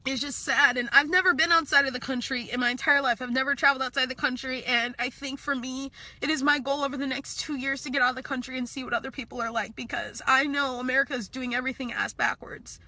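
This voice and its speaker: A young woman vlogger, crying and nervous, talking haltingly in an emotional monologue and repeating her words. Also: high voice, steady tone, sharp tone, no room sound. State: tearful, crying. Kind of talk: emotional live-stream monologue.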